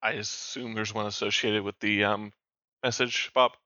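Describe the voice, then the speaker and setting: A man playing a tabletop game, talking casually and halting with restarts. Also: fairly low pitch, level tone, pushed and bright, no room sound, highs cut off. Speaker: player.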